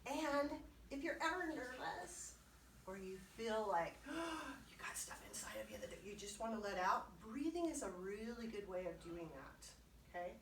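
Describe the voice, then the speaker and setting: A woman's voice: a little high, sing-song, normal speed, fairly bright tone, a little hiss or hum. A woman children's librarian leading a kids' music and movement class, cheerful and encouraging, with playful sound words. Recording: roomy sound from a distant mic.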